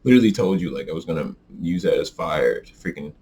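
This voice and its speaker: A man hosting a podcast, telling a story in a casual, profane, animated rant. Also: fast, slight background noise. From American South. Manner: animated, profane, swings into high exaggerated quoted voices. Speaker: podcast host.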